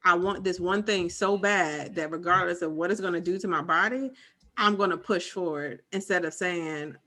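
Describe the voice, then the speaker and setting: Woman, 30s, podcast co-host. Bright, animated storyteller who acts out the quotes. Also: lowish voice, normal speed. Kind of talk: casual chat, personal story.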